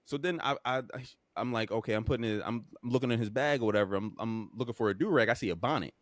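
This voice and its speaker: A man's voice: mid-range voice, fast, no echo, studio quality. A young man co-hosting a podcast, telling a story with frequent profanity and emphatic delivery. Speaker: podcast co-host.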